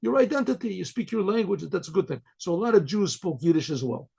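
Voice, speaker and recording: A rabbi relates a story in a loose, conversational style. He clears his throat often and restarts his sentences. The voice is gravelly and husky, and a little high for a man. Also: animated, quick pace, a little mellow.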